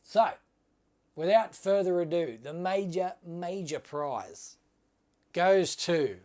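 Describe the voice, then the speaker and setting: A man's voice: high voice, lively intonation, slow, darkish tone. A man hosting a casual livestream giveaway, talking to viewers in a chatty, upbeat way and calling them mate. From Australia. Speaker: livestream host.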